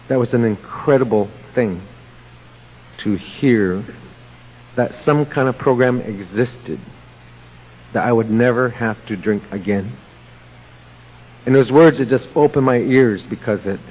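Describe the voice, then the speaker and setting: A man speaking at a recovery meeting, telling his own story in a slow, plain-spoken way with pauses. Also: mid-range voice. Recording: lo-fi audio with long hall reverb.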